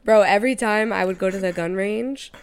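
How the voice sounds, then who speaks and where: A woman's voice: medium pitch, brisk, clear, resonant tone. Laughing young woman podcast co-host. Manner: animated, laughs often, swears freely. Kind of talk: casual chat.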